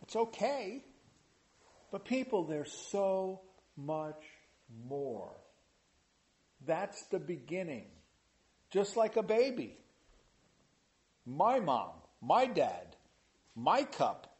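A man preaching a sermon in an animated way, rising to loud emphasis. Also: sits high, extremely slow, long pauses. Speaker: pastor.

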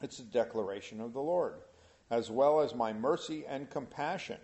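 A man's voice: medium pitch, normal speed, darkish tone. A man leading an informal Bible study, reading scripture aloud and then explaining it in casual, everyday words to a small group. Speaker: Bible teacher.

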